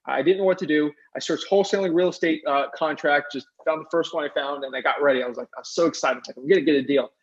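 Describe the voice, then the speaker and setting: A young man telling a fast, excited story as a guest, acting out the other people's voices as he quotes them. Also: fairly high pitch, breathy edge. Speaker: guest investor. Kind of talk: animated storytelling. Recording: dull lo-fi sound.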